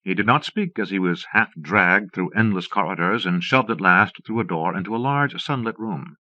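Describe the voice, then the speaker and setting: A man with a low voice reads a story aloud steadily and in measured phrases. The recording comes from a dull old cassette and sounds close and dry. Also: bright, forceful tone, no echo. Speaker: audiobook narrator. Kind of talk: audiobook narration.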